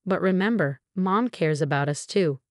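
A woman's voice: on the low side, lively intonation, moderate pace, a little mellow, no room sound, studio quality, natural voice. A woman reading as a dismissive, indifferent husband. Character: indifferent husband who sides with his mother. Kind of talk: scripted storytelling.

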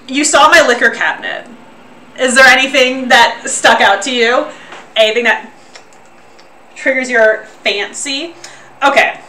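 A young woman from Orange County with a Southern California accent cooks in her home kitchen while chatting casually with her livestream, swearing freely. Her voice is high, bright, and forceful. The kitchen sounds roomy, the mic is a bit distant, and there's faint noise.

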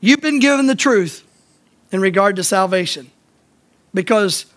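Here the same kind of sermon comes from a man with a very high-pitched, fairly bright voice. He's a pastor addressing his congregation in church, hammering points home through repetition and asking his listeners questions directly.

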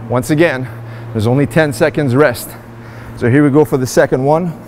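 A man's voice: mid-range voice, moderate pace, darkish tone, slight background noise. A man in an indoor gym demonstrating and explaining a workout, in an upbeat coaching manner that speaks straight to his viewers. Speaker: fitness vlogger.

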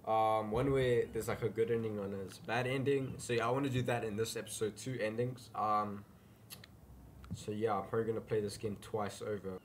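A man's voice: fairly low pitch, fairly even intonation, a little fast, slight background noise. A man casually commenting while playing a game, mumbling jokey asides to himself. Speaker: gaming video host. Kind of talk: casual let's-play commentary.

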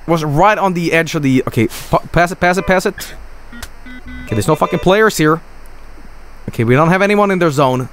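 A man streaming a hockey video game, commenting live, swinging from low grumbling to loud yelling and cursing at the game. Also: lively intonation, brisk, a little hiss or hum.

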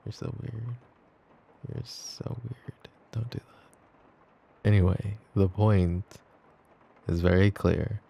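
A man voicing a needy, teasing boyfriend in a whispered role-play, playful and laughing as he switches between whispers and soft talk. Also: fairly low pitch, steady tone, slow, gravelly, long pauses, slight background noise. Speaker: ASMR voice actor.

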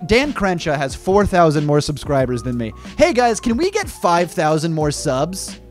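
A young man giving mocking, excitable comedic reaction commentary on a video. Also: a little high, normal speed, hardly any pauses, faint music behind. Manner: excitable, mocking, laughs at clips. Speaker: YouTube commentator.

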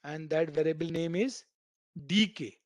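A man's voice: fairly high pitch, a little slow, no echo. A man teaching a programming class, explaining with everyday comparisons and checking in with students by asking "right?" after nearly every point. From India. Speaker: programming instructor. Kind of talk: live online coding class.

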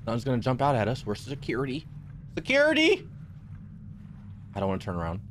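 A man's voice: mid-range voice, racing, a little mellow, a little hiss or hum. A young man streaming a horror game, jumpy and swearing a lot as he talks to his chat and to himself. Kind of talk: live horror gameplay commentary.

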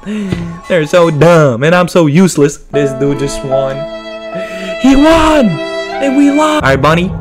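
A young man doing let's-play commentary, excitable and slangy, yelling orders and trash-talking game characters. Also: a little high, takes it slowly, over music. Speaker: gaming streamer.

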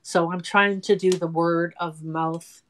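Chatty woman in her sixties, low-pitched. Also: fairly even intonation, measured pace, a little hiss or hum. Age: 60s. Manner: chatty, self-deprecating. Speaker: guest, home nail technician. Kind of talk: casual interview chat. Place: her home salon.

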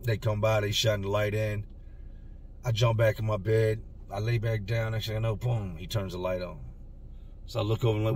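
Slangy man telling a story, low voice. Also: moderate pace, far from the mic, a little hiss or hum. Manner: street slang, animated retelling with quoted dialogue. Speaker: storyteller recalling prison time. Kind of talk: casual storytelling vlog.

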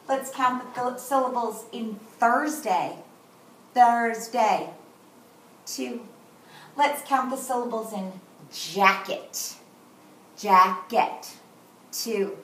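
Slow sing-song woman teacher, higher voice. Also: a bit bright. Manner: slow, sing-song and encouraging, spelling out letters and sounds. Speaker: kindergarten teacher. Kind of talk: recorded morning lesson for young children. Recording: roomy echo, voice a bit far from mic.

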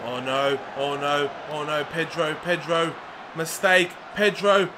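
A young man, a regular on the channel, excitably commentating a football video game, swinging from groans to yells. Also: fairly high pitch, measured pace, slight background noise. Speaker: gaming commentator.

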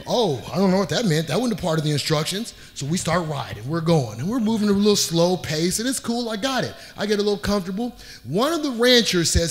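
Lively high-voiced man telling a story. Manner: animated, acts out scenes, voice rises when panicked. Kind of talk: live comedic storytelling.

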